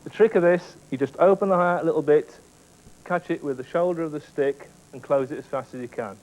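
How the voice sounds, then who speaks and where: A man teaching drum technique step by step, explaining clearly and counting beats aloud. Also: a little high, brisk, noisy background. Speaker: drum instructor. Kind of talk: instructional explanation with demonstrations.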